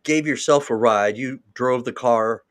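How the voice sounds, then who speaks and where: Male host, unhurried, mid-pitched, warmly attentive listener. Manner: attentive, encouraging, frequent short affirmations. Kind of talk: conversational interview.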